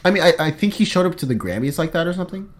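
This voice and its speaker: Man, podcast co-host, casual chat, joking, lively swooping pitch. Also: very fast. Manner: animated, joking, laughs often.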